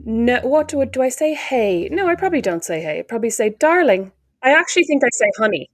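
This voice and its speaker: A woman co-hosting a podcast in casual chat, quick-witted and teasing. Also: fairly high pitch, very animated. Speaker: podcast co-host.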